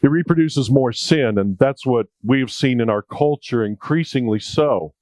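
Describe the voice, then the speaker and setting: A man's voice: mid-range voice, measured pace, a little mellow, no room sound. A male preacher delivering a sermon in a conversational, jokey way, repeating key points for emphasis.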